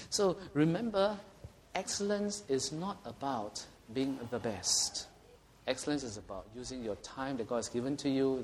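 With a Singaporean English accent, a middle-aged man preaches a conversational sermon, putting questions to the congregation and chuckling at his own jokes. His mid-range voice is a little mellow, with slight background noise.

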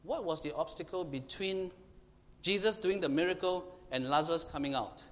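A man's voice: a little high, moderate pace. Emphatic male preacher in an echoing hall. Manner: emphatic, questions the congregation, shouts to illustrate. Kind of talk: sermon. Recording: long hall reverb, faint room noise.

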